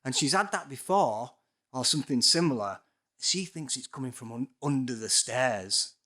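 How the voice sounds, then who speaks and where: A man tells a story as a podcast guest. His voice is bright and clear at a middle pitch. He swears freely, stays dryly skeptical and slips into the voices of the people in his story. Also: expressive, moderate pace. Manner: swearing, dry and skeptical, acts out voices in stories. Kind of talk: casual storytelling.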